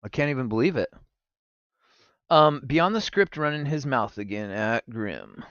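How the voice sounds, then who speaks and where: A man's voice: medium pitch, unhurried, clear, resonant tone, no room sound, muffled recording. A young man streaming live, chatting casually with his viewers and swearing freely. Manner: animated, swearing, talks to chat. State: recovering from gallstones.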